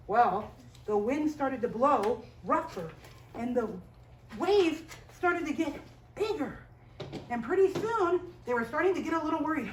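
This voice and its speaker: A young woman telling a Bible story to a children's class, animated and asking the children questions. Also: sits high, unhurried. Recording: echoey room, voice from a distance, faint hiss. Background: children's group.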